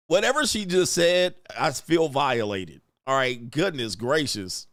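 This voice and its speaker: A man's voice: medium pitch, a bit bright, dry recording, studio quality. A man hosting a reaction show, joking and laughing in loose slangy talk. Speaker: host reacting to videos. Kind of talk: casual reaction commentary.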